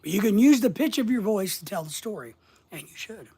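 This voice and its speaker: A middle-aged man coaching about social media in a folksy, deliberate way, asking his listeners question after question and pausing often. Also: high voice, lively intonation, dark tone, slightly rough. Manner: folksy, asks the audience rhetorical questions, slow deliberate pauses. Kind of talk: motivational instructional monologue.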